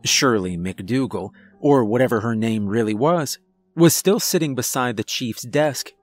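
A man narrating a scripted first-person horror story in a slow, steady storytelling manner. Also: medium pitch, no echo, soft background music.

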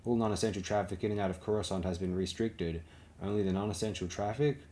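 A man's voice: lowish voice, steady tone, warm tone, a little hiss or hum, close to an everyday voice. A man reading the part of a guarded female leader under pressure, choosing each word with care. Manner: careful, guarded, measured.

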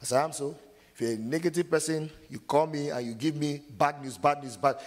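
A male preacher with a slightly high, husky voice works the congregation, leaving verses unfinished for them to answer. His sermon rings through a hall with a long reverb tail. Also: brisk. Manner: call-and-response preaching, asks the congregation to finish verses; acts out scenes in loud sudden shouts. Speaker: pastor.

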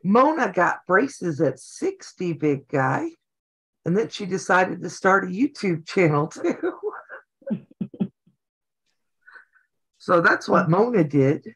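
A woman's voice: lowish voice, big pitch swings, slow, pauses often, slightly rough. A Southern American woman hosting a casual sewing livestream, chatty and teasing, laughing often. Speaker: host of a sewing channel livestream.

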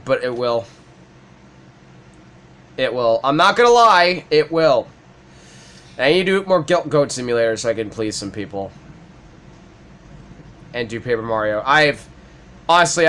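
A young man hosting a gaming video, chatting casually and swearing, with ranting, mock-shouted retellings. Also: mid-range voice. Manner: animated, swearing, rants with mock-shouted quotes. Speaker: gaming channel host. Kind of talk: casual chat while playing.

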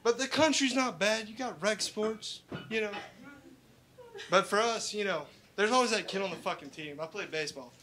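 A young man doing a profane stand-up set, telling stories in a deadpan way. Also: high-pitched, normal speed. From Roswell. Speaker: stand-up comedian. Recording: live club recording with background noise.

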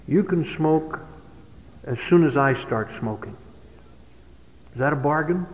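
A man's voice: a little high, expressive, unhurried. A man voicing a stern but fair father who scolds his son with firm, pointed questions. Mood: calm. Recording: dull old hall recording with long reverb.

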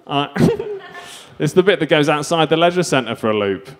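A man's voice: fairly high pitch, wildly swooping pitch, normal speed. A man doing a stand-up set, delivering self-mocking absurd one-liners. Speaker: stand-up comedian.

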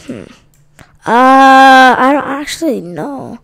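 High-voiced woman with a gravelly edge, unhurried and goofy, for playful gameplay role-play. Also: animated, a bit bright. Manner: playful, goofy, jumps between put-on voices. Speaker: gamer. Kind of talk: silly game role-play commentary.

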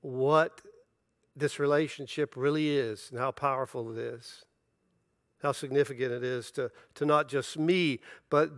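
A middle-aged pastor with a mid-range voice preaches a sermon, recorded in studio quality with no room sound. He tells personal stories with animation, acting out the dialogue and laughing along.

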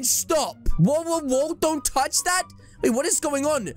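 High-voiced excitable young man. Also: a little slow, faint music behind. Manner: excitable, playful, talks straight to viewers. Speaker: gaming YouTuber. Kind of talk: game commentary.

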